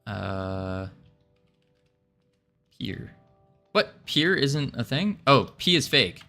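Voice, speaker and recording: A man's voice: medium pitch, very animated, drawn-out words, vocal fry, pushed and bright, faint music behind. A man live-streaming his game development, chatting casually and playfully with viewers as he codes. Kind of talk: casual live-stream chat while coding.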